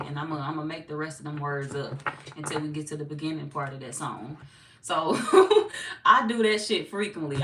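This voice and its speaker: Woman, low voice, casual and chatty, reads comments aloud, echoey room, far from mic, background noise. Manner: laid-back, chatty, reads out viewer comments. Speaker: tarot reader. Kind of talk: casual live-stream chat.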